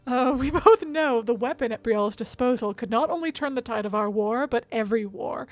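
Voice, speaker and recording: A woman's voice: fairly high pitch, a little fast, no room sound, lightly acted. A woman reading game dialogue aloud as a hammy noble with a put-on French accent, mock-grave and slipping into giggles.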